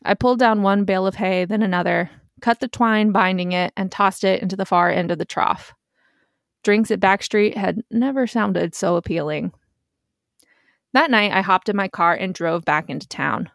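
A young woman tells a first-person story at an even, steady pace. Her voice sits in a middle pitch, close to the mic in a dry room. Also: moderate pace, vocal fry, no echo. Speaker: storyteller host.

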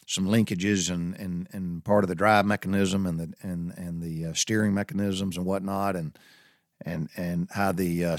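Low-voiced man spinning a yarn. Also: dry recording, studio quality. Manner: folksy, drawn-out storytelling. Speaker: storyteller. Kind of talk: casual anecdote told to viewers.

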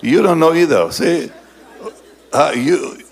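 A male pastor telling a story in a sermon, animated and often laughing, and dropping low and soft for the serious parts. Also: takes it slowly, creaky, husky, a faint crowd.

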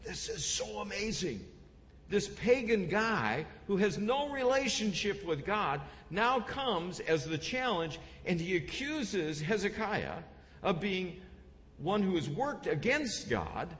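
A man delivers a sermon in a voice that sits slightly high and swings widely in pitch. He repeats words as he builds his points and acts out the lines he quotes. The sound is muffled, with a long hall reverb. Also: big pitch swings, unhurried. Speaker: pastor.

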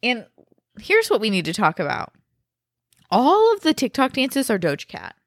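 A woman's voice: on the high side, moderate pace, no room sound, studio quality. A young woman co-hosting a podcast, chatting casually and cracking jokes from her living room. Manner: animated, jokey, quips to her co-host. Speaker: podcast co-host. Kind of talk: casual chat.

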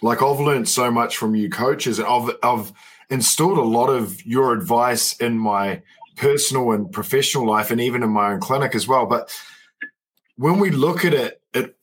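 Male podcast host, husky voice, earnest and reflective, mid pitch. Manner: earnest, thoughtful, halting restarts. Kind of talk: casual podcast chat.

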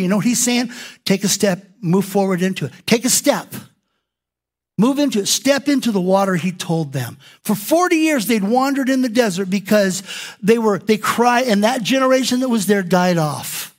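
A man preaching a sermon as pastor, animated and acting out quoted prayers in different voices. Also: high voice, normal speed.

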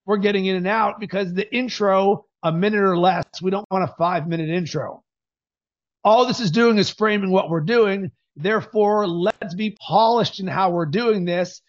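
A man hosting a podcast, coaching in an energetic, emphatic way. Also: sits high, moderate pace, highs cut off.

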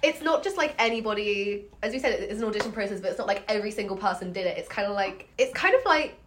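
A woman's voice: mid-range voice, lively intonation, quick pace, slight background noise. Woman, podcast co-host, casual and chatty, mid-range voice. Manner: chatty, laughs often, many fillers. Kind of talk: casual history chat.

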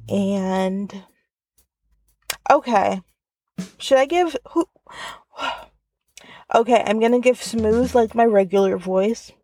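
A woman's voice: mid-range voice, a little mellow. Chatty woman podcasting from her car. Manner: chatty, lots of filler "like". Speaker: podcast host. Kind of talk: casual solo podcast chat. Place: inside a car.

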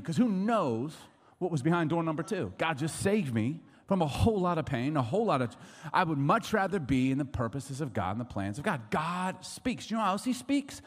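Animated pastor in his forties, echoing hall. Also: a little high. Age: 40s. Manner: conversational and jokey, acting out quick voices. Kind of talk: sermon.

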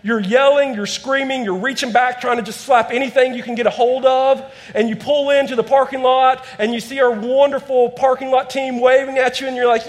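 A man's voice: very high-pitched, steady tone, fairly quick, hardly any pauses. A man in his thirties preaching a conversational sermon in a church, acting out quotes as he tells stories. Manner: storytelling with acted-out quotes, conversational. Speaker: pastor.

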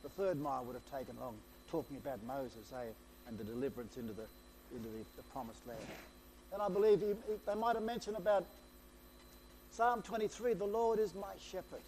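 A man preaching a sermon, retelling scripture in an excitable, storytelling way, often repeating and restarting his phrases. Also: medium pitch, brisk, slight background noise.

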